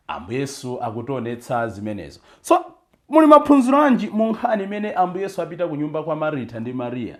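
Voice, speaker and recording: A Catholic priest preaching a homily, mixing in English phrases with emphatic stresses. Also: male voice, mid-range voice, animated, fast.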